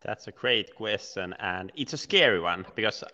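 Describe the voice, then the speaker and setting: A man hosting a podcast interview, asking questions in a halting way with many fillers. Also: lowish voice, expressive, pushed and bright, big-room sound, lo-fi sound. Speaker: podcast host.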